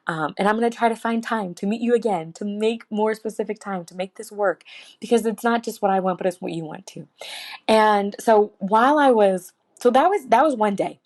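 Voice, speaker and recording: A woman's voice: medium pitch, a little mellow. A woman hosting a podcast, talking casually and earnestly about her faith, heartfelt and close to tears, with many fillers and restarts. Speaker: podcast host. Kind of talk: personal faith reflection, casual monologue.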